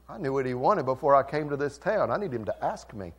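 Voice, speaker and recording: A male pastor preaching a sermon, swinging from quiet, intimate lines to loud, fervent ones. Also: medium pitch, sing-song, quick pace, hardly any pauses, breathy edge. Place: church sanctuary.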